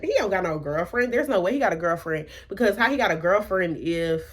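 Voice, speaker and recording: Animated young woman telling a storytime. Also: on the low side, fast talker, few pauses. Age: young adult. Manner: animated, dramatic retelling with rhetorical questions. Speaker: vlogger. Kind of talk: storytime vlog.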